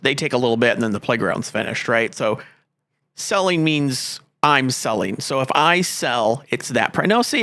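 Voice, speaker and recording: A man rambles through casual let's-play commentary over a farming game, thinking aloud and getting easily exasperated. His medium-pitched, fairly bright voice is captured in a dry recording.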